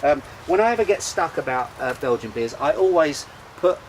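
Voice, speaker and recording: A man's voice: a little high, lively intonation, moderate pace, rough recording. Chatty guy rambling about beer outside, ums everywhere, bit of faint background hum. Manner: rambling, chatty, many fillers and restarts. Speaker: beer show host. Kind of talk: casual chat about beer. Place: outdoors in sunshine.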